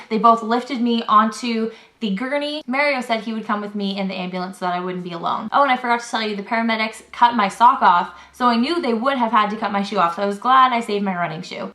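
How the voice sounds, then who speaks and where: A young woman telling a story to her camera in a chatty, casual way, acting out each person's lines. Her voice sits a little high. The room around her gives a noticeable echo. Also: a little fast, sharp tone. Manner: chatty retelling, heavy on "like" and "I was like", acts out quotes. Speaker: vlogger. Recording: roomy echo.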